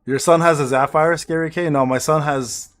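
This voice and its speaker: A man's voice: fairly high pitch, steady tone, brisk, fairly bright tone. A man streaming a game, teasing and mock-ranting at a friend in casual, profane banter. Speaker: gaming streamer.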